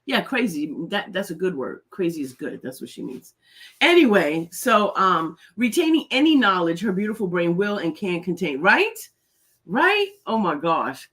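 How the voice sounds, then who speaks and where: Woman host, middle-aged, bright tone, lively pitch, chatty and laughing. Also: moderate pace, breathy edge. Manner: chatty, laughs often, greets viewers by name. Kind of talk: casual live-stream chat.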